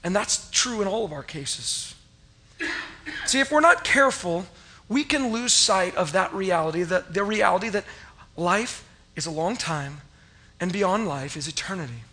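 Middle-aged male pastor with a high, bright voice; storytelling sermon with loud acted-out cries. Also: animated, unhurried. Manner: storytelling, acts out his past self with loud rising cries.

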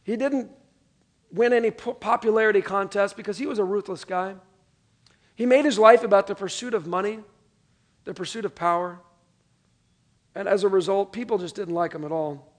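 High-voiced man preaching a lively sermon. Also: moderate pace, pauses often. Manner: animated, call-and-response with congregation. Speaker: pastor.

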